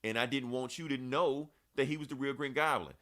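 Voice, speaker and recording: A man's voice: medium pitch, fairly quick, pushed and bright, natural voice. A man quoting an angry young man who answers back defensively and with swearing. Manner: defensive, profane.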